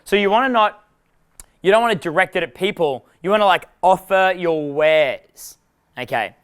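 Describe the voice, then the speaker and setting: High-voiced, swearing dating coach. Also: male voice, moderate pace, smooth. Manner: animated, profane, laughs at his own jokes. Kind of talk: live seminar talk.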